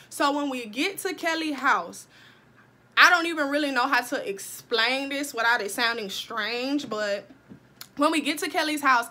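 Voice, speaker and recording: High, bright-voiced young woman telling a story. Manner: animated, profane, talks straight to viewers. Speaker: vlogger. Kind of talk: casual storytime.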